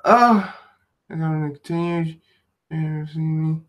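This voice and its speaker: A young Englishman with a slightly high voice and British accent chats at a measured pace on his YouTube livestream. He rambles casually, laughs a lot, and keeps restarting sentences.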